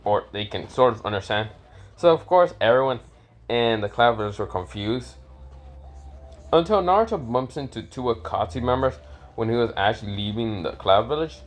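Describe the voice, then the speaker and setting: A man's voice: medium pitch, lively intonation, normal speed. A man at home spins an improvised fan story off the cuff. He rambles, swears freely and stops to correct himself as he goes. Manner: rambling, profane, self-correcting.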